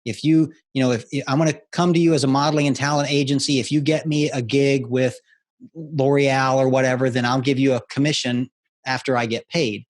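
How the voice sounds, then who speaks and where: Middle-aged guy, guest on a sales podcast, tells stories with lots of energy and does little voices, normal mid-range pitch. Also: fairly quick. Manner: animated storyteller who acts out quoted voices. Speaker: storytelling expert guest. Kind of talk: conversational interview.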